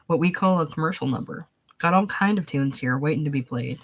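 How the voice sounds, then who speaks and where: A woman's voice: deep voice, a little fast. A woman reading as a fawning male pianist. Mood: eager to please. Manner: folksy and deferential. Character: fawning male nightclub pianist, grinning and eager.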